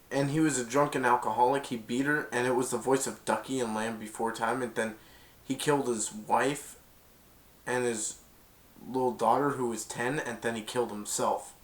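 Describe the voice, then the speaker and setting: A man's voice: medium pitch, a bit bright. A man chiming in on a news story, rambling with fillers and restarts. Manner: rambling, hesitant. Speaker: co-commentator. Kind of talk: reaction commentary.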